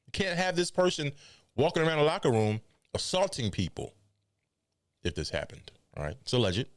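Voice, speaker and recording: Lower-pitched man riffing on news. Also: clear, resonant tone, no room sound, clean studio sound. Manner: animated, incredulous, mock quoting. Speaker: wrestling podcast host. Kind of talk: casual news commentary.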